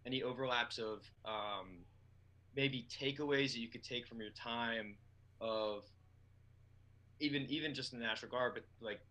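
A man's voice: medium pitch, moderate pace, bright, forceful tone, rough recording. A man hosting an interview, asking long, meandering questions full of fillers. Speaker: interview host.

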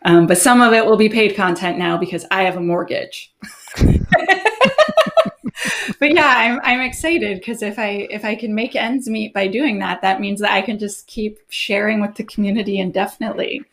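A woman talking as an interview guest, her voice sitting at an ordinary middle pitch. She tells stories with energy, acting out quoted conversations with sudden leaps upward in her voice and laughing often. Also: moderate pace, slight background noise. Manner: animated storyteller, acts out quoted exchanges with big pitch jumps and laughs. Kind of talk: casual interview chat.

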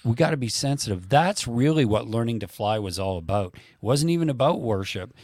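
A man hosting a faith conversation, reading quotes slowly and emphatically like a preacher. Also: mid-range voice, animated, darkish tone, dry recording. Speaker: podcast host.

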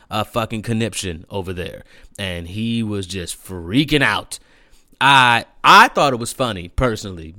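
Young man, casual storyteller; bright, animated, profane. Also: medium pitch, dry recording, studio quality. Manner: animated, profane, laughing, lots of fillers.

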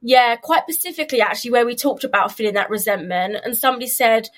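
A woman's voice: a little high, fast talker, fairly bright tone, no echo. A woman hosting a casual podcast chat with her sister, talking frankly and often laughing. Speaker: podcast host.

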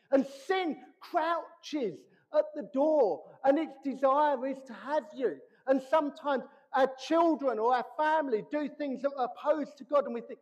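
A man preaching a sermon as pastor, animated, acting out the voices he quotes. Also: extremely high pitch, normal speed, hardly any pauses. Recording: reverberant hall, dull lo-fi sound.

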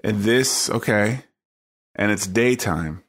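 A man co-hosting a podcast in casual chat, relaxed and agreeable, thinking aloud. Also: lowish voice, slow, slightly rough. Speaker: podcast co-host.

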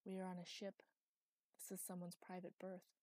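A woman reading a story, voicing a gruff male warrior who speaks seriously and shouts commands. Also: high-pitched, completely flat delivery, moderate pace, no echo, lightly acted. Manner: bellowing, commanding.

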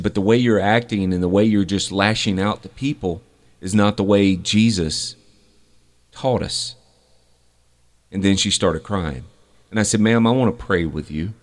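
Earnest low-voiced man giving testimony. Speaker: podcast host. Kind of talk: faith testimony, podcast monologue.

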